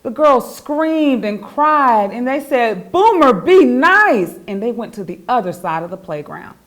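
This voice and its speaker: A woman, the author, reading her children's picture book aloud in an expressive, animated storytelling voice. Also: mid-range voice, gravelly.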